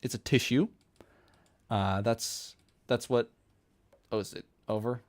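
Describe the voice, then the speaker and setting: A man chatting casually on a live stream while he draws manga, rambling and quick to laugh at his own jokes. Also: mid-range voice, fairly even intonation, darkish tone. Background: faint music playlist.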